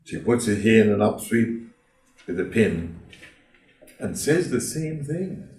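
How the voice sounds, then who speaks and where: Male preacher telling a bible story, slow and swooping, echoey church from far off. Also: lowish voice, sing-song, darkish tone. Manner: dramatic storytelling, rhetorical questions to the congregation. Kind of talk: sermon. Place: church hall. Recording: roomy hall, from a distance.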